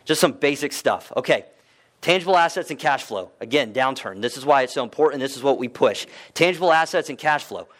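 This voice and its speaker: A man's voice: medium pitch, animated, fairly quick, a bit bright. A man giving a casual, conversational talk to a live audience, often asking them questions and using fillers. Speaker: real estate investment speaker.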